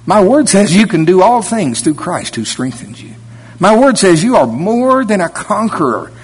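Male preacher, a bit high-pitched, husky, folksy sermon delivery. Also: big pitch swings, moderate pace. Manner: folksy, jumps to a high whiny voice when mimicking complaints. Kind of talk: sermon with prayer.

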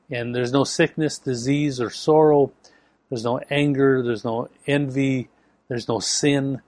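A man's voice: a little high, no echo. A man preaching a sermon, telling a story with emphatic delivery. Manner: storytelling with acted quotes, emphatic.

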